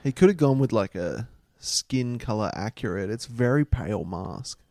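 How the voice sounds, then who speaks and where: A man co-hosting a podcast in casual banter, crude and joking, quick to laugh. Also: on the low side, lively intonation, warm tone, no echo, studio quality. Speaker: podcast co-host.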